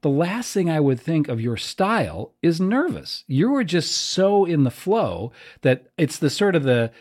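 Lively-voiced male interview host. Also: a little high, measured pace. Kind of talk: conversational interview.

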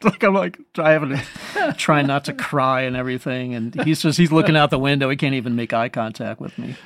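Man guest, mid-pitched, dry close sound; rambling storyteller who keeps chuckling at himself. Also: expressive, brisk, a bit bright, dry recording. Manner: rambling, chuckles often, self-deprecating. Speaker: guest musician, saxophonist. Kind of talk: anecdotal storytelling in conversation.

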